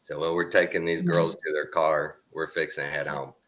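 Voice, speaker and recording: Low-voiced Texan man, middle-aged, casual drawling storyteller with a bright, punchy delivery. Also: level tone, moderate pace, highs cut off. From Texas.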